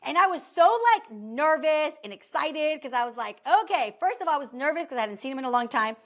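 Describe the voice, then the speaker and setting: Woman in her 30s on a podcast, chatty motivational talk, kinda high voice, lots of "like" and "okay?". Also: a little fast. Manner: chatty and animated, full of "like" and "okay?". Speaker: podcast host. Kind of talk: casual motivational monologue.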